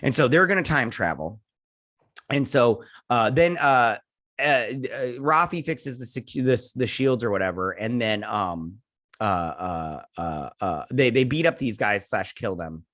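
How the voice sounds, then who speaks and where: A male host goes over a TV episode in a medium-pitched, fairly bright voice, animated yet a bit slow. He rambles, restarts and leans on fillers, now and then dropping into a goofy voice to quote someone.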